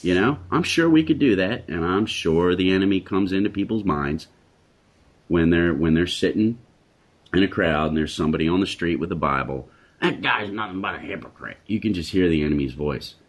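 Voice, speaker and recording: A very deep-voiced man with a husky, rough-edged tone leads a Christian discussion. He talks in an emphatic, preacherly way and hammers his points home by repeating phrases. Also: fairly quick. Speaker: Christian talk show host.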